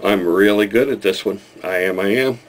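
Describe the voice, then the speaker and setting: A man's voice: on the low side, normal speed. A man with a Midwestern accent talking casually to camera, joking at his own expense with plenty of hesitant fillers. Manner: self-deprecating, joking, hesitant with many fillers. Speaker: vlogger. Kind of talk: casual self-recorded video.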